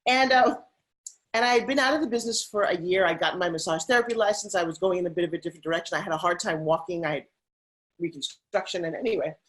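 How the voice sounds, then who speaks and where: A woman in her fifties, a motivational speaker, telling stories in an animated, emphatic way as an interview guest. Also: on the low side, fast. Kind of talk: interview storytelling.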